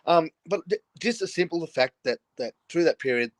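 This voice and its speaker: A man's voice: fairly high pitch, animated, moderate pace, dry recording. An older Australian man, a guest, telling stories frankly in casual chat and laughing often, joining over a video call. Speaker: guest, former rugby league player.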